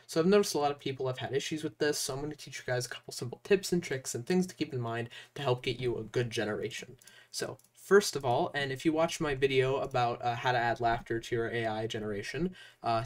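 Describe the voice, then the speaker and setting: A man's voice: mid-range voice, fast talker, far from the mic. Chatty young man, slightly off-mic. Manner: loose and chatty, with frequent fillers like "uh" and "like". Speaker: tutorial host. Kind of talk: casual screen-recorded software tutorial.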